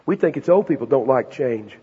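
A pastor preaching an emphatic, conversational sermon in a church, peppered with rhetorical questions. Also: male voice, mid-range voice, expressive, fairly quick, husky. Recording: dull, reverberant hall recording.

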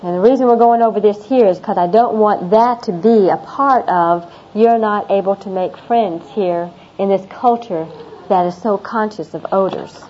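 A woman's voice: mid-range voice, moderate pace, a little mellow. A middle-aged woman talking to a class of international students about everyday customs, chatty and a little rambling. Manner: chatty, repeats herself, laughs at her own stories. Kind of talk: classroom talk on American customs. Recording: dull lo-fi classroom recording with faint noise.

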